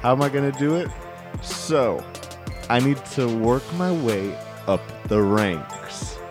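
A man co-hosting a comedy podcast, spinning absurd bits in a deadpan, drawn-out way. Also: medium pitch, music in the background. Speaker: co-host.

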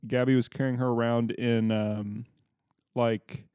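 Male co-host, new dad, rambling casual chat, dark relaxed voice, dry sound. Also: medium pitch, unhurried, smooth, no echo. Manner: loose and rambling, many fillers. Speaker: podcast co-host, father of an infant.

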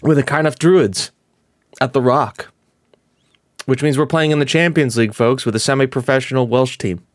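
Man, co-host, casual rambling banter, stumbly, mid pitch, dry close mic. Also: normal speed, no room sound. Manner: rambling, stumbles over words. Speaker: co-host of a live-streamed podcast.

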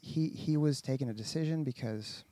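A man's voice: mid-range voice, moderate pace, warm tone, dry recording. A man chatting casually on a podcast, telling a rambling story with lots of fillers and restarts. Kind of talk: casual chat.

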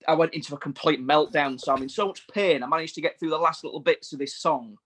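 A man, a touring bass player, telling rambling tour anecdotes in casual chat. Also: fast, sharp tone. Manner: rambling storyteller, laughs through anecdotes.

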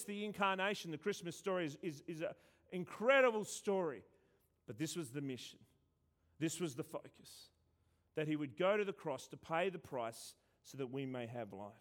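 A man preaching a sermon who stresses words and swings between loud and hushed, often repeating himself. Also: on the high side, expressive, normal speed.

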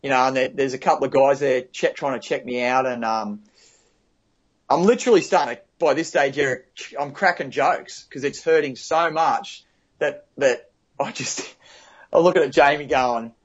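A man's voice: medium pitch, moderate pace. Man telling a story, lo-fi. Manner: vivid, restarts often, fills with "you know" and "like". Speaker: guest telling a surf story. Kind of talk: casual spoken storytelling.

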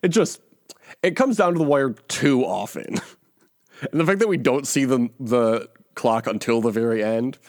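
A man's voice: medium pitch, lively intonation, measured pace, dry recording, clean studio sound. A male podcast co-host in casual chat, wry and laughing often, trailing off with ums as he recaps a reality show.

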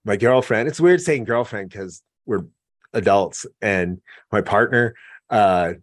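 A man telling stories in a relaxed conversational way, with frequent fillers. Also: on the low side, slow pace, dry recording, studio quality. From American West. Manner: relaxed storytelling, many fillers. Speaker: guest. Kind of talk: casual conversation.

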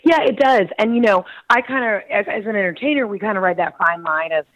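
A woman comedian talking as a guest on a podcast, chatty and giggly, telling animated stories. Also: medium pitch, a little fast, dry recording, poor audio. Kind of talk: casual podcast interview.

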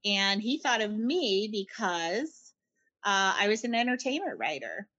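A middle-aged woman from Canada, a writer being interviewed, talking in a chatty, animated way with frequent laughs and restarted phrases. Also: mid-range voice, measured pace, lo-fi sound. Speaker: guest, writer. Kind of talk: conversational interview answers.

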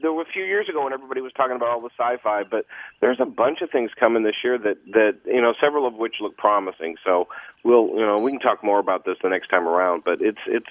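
A man's voice: mid-range voice, dry recording. A man calling in as a TV critic guest, rambling and self-deprecating, with many restarts. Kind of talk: phone-in chat. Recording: tinny phone line, dry.

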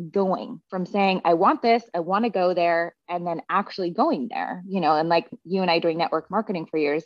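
A middle-aged woman with a lowish voice tells a personal story as a podcast guest. She is frank and sprinkles in profanity and constant "like"s. The recording is dry and slightly dull. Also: a little mellow, no echo. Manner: frank, profane, heavy use of "like" fillers. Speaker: podcast guest, therapy practitioner.

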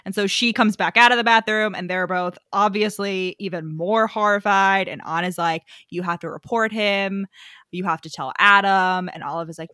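A woman's voice: medium pitch, fairly even intonation, moderate pace, bright, forceful tone, no room sound. A woman chatting casually as a podcast co-host, blunt and sardonic, swearing freely as she recaps a story. She acts out the characters' lines as she goes. Her voice is recorded dry and close, with no room sound. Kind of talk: casual chat.

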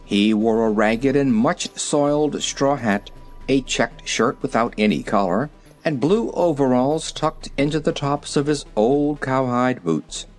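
A reader narrating a children's storybook in an expressive, varied way. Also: medium pitch, measured pace, faint music behind. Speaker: audiobook reader.

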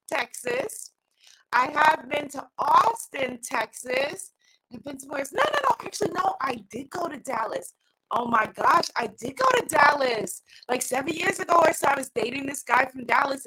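A woman's voice: high voice, lively intonation, moderate pace, bright, forceful tone, low-quality recording. A middle-aged woman with a New York accent hosting a live inspirational talk, exuberant and sing-song, greeting viewers and laughing often. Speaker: host.

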